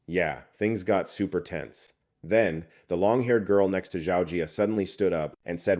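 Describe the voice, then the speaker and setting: A man with a very low voice narrates a comic recap. His read is scripted yet chatty and full of slang. He keeps a steady storytelling pace. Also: measured pace.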